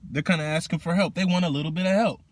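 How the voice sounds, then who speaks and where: A man's voice: on the high side, quick pace, voice pushed up, natural voice. A man doing a laid-back slangy goddess. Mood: easygoing. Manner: relaxed slangy street talk. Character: casual, easygoing female goddess granting blessings.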